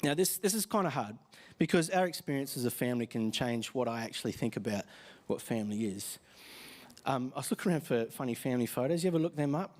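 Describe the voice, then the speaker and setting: A man's voice: mid-range voice, lively intonation, quick pace, darkish tone. Man giving a casual sermon. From Australia. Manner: casual, joking, asks the congregation questions. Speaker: pastor. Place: church hall with congregation.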